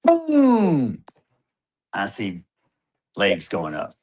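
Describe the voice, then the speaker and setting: A man with a low, husky voice tells a hunting story as a father. He is a vivid storyteller who acts out the back-and-forth, and his pitch swings widely as he goes. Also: wildly swooping pitch, very slow, darkish tone. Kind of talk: recorded storytelling.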